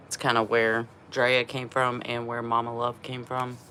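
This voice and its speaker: A woman's voice: a bass voice, completely flat delivery, normal speed, pushed and bright, slight background noise. A middle-aged woman vlogging in casual chat, laughing often and swearing freely while feeling unwell from a cleanse.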